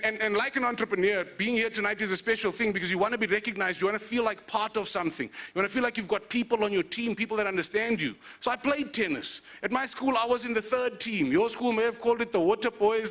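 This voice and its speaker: South african guy doing a funny motivational speech, really high bright voice, lively storytelling. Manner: animated storytelling. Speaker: speaker at an awards event.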